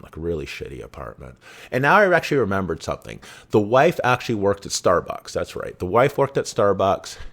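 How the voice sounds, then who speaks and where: A man's voice: low voice, creaky, fairly bright tone. A man around fifty, a podcast host telling a personal story in a rambling, profane, casual way, full of "right?" and "you know". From Vancouver, Canada. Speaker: true crime podcast host.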